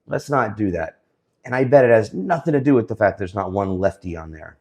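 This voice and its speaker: A man giving casual, sarcastic commentary on the week's news, often pausing with fillers. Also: fairly low pitch, very animated, a little mellow. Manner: sarcastic, hesitant with many fillers.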